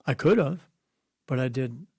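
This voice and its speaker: Clean studio audio with no echo carries a middle-aged man's medium-pitched, darkish voice with a breathy edge, moving at a measured pace. A spirit medium, he's being interviewed and tells stories preachily and bluntly, performing the voices of those he quotes.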